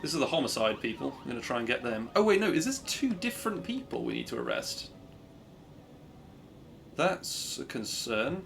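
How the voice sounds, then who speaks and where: A man's voice: medium pitch, sing-song, moderate pace, gravelly, fairly bright tone, a little hiss or hum. A man chatting upbeat through a live speedrun, cheering his own progress and making asides to his stream viewers. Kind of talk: live gameplay commentary.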